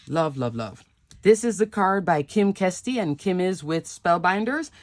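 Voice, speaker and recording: Low-voiced lady gushing over her crafts, chatty, dry close sound. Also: dry recording. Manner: gushing, repeats "love, love, love"; chatty, asks "isn't that pretty?". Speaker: papercraft channel host. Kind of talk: casual show-and-tell chat.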